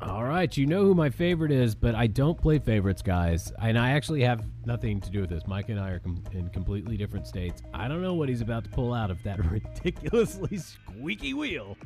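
Man, podcast co-host, casual chat, very lively pitch, cheap computer mic, faint background music. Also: fairly quick, hardly any pauses. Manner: animated, laughs often.

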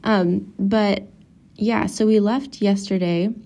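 A woman's voice: mid-range voice, steady tone, slow, gravelly, mellow. A young woman and mother telling a travel story to her viewers in a casual, chatty way, with lots of "like" and acted-out quotes.

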